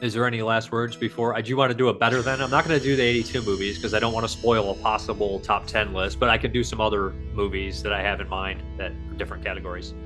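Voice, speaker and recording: Male host, casual and chatty, asking quick questions, light music in the background. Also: fairly low pitch, steady tone, a bit bright, poor audio. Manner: chatty, quizzing a guest. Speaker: podcast host. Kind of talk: casual conversation.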